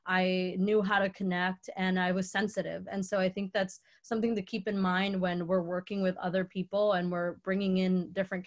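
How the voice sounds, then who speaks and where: A young woman from Mexico, an artist, telling a heartfelt personal story in a lecture Q&A over a video call. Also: lowish voice. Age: young adult. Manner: earnest, heartfelt, acts out quoted dialogue.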